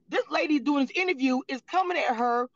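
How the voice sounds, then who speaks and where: A woman's voice: high-pitched, moderate pace, dry recording, lo-fi sound. A woman commentating on reality TV in a livestream reaction, blunt, profane and heated.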